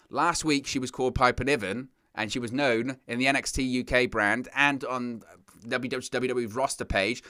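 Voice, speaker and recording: A man's voice: mid-range voice, no room sound, clean studio sound. A man hosting a wrestling news show, giving casual, exasperated and opinionated commentary. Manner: exasperated, ranting, animated.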